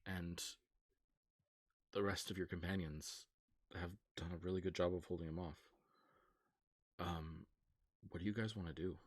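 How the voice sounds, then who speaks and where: Deep-voiced man running a tabletop game. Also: steady tone, dry recording, studio quality. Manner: quick rules talk, slower dramatic narration. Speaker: game master.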